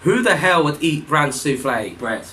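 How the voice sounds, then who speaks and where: A young man hosting a casual reaction video at home, swearing a lot with sudden loud outbursts. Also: on the high side, big pitch swings, moderate pace, rough recording. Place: room at home, wearing a hat.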